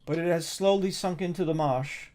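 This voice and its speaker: A man's voice: steady tone, a little mellow, close to an everyday voice. A man voicing Adjunct, a polite and eager servant, in a raised fussy voice. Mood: courteous. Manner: high, quick, courteous pleading.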